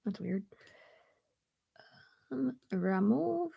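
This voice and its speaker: A blunt, sarcastic woman chatting casually on a livestream, swearing freely as she talks. Her mid-pitched voice carries a gravelly edge. The sound is dry and close, with no room echo. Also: very animated, extremely slow, dull audio. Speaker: beauty YouTuber. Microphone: streaming setup at home.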